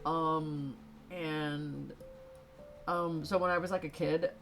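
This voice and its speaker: A woman's voice: deep voice, steady tone, slow, a bit bright. A young woman streaming, congested and tired, chatting loosely with viewers and laughing often. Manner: rambling, frequent laughs and fillers. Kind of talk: casual chat with stream viewers. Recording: faint music behind.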